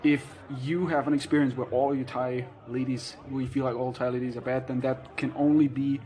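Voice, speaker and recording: Flat-voiced man answering viewer questions. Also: medium pitch, a little fast, poor audio. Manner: frank, matter-of-fact, hesitant with fillers. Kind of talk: casual Q&A chat.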